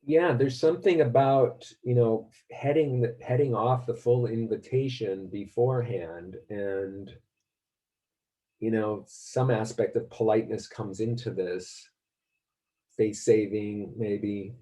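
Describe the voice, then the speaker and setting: A man's voice: on the low side, slow pace, mellow. A man lecturing a class, thinking aloud and often restarting his sentences.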